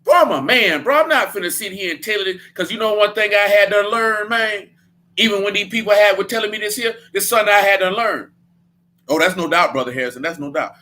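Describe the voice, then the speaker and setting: A man's voice: sits high, fairly quick, sharp tone. A man leading a Bible study in a casual preaching style, blunt and emphatic, with a lot of slang.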